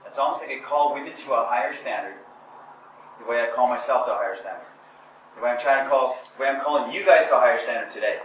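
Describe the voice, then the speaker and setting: A man's voice: medium pitch, fast, a bit bright, distant mic, slight background noise. A man giving a motivational seminar talk to a group, blunt and emphatic, often repeating phrases and restarting his sentences. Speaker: seminar speaker. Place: talk venue in Portugal. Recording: roomy room, voice picked up from afar, faint ambience.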